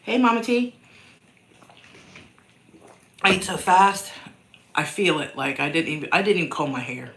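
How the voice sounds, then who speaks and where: Woman, low-pitched, bright forceful tone, coughing, rambling casual livestream host. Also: very animated, moderate pace, pauses often. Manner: rambling, chatty, self-mocking. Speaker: host answering viewer questions. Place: downstairs at home.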